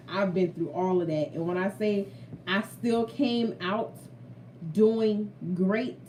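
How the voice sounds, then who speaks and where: A woman's voice: mid-range voice, fairly even intonation, slow pace, darkish tone, recorded from a distance, slight background noise. Woman vlogger, earnest faith testimony, repeats for emphasis; recorded a bit away from the mic in a roomy space. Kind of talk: heartfelt faith talk to viewers.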